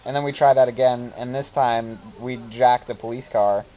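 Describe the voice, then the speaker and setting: A man's voice: medium pitch, steady tone, normal speed. A man rambles through gameplay commentary, retelling mishaps and quoting characters in goofy voices. His voice sits in an ordinary middle range. The sound is thin and tinny, squeezed like a phone call.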